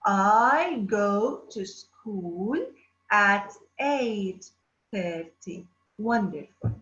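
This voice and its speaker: A woman teaching an English lesson to children, drawing out words slowly and asking the class questions. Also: medium pitch, a bit bright. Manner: slow, drawn-out words, addressing children. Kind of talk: distance-learning phonics lesson. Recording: roomy, dull lo-fi sound.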